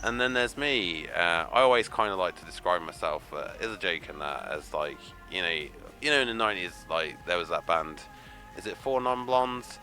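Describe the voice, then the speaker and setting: A man's voice: sits low, expressive, moderate pace, bright, forceful tone, soft background music. A man hosting a casual radio show, rambling and joking, with lots of "you know" filler. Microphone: studio microphone.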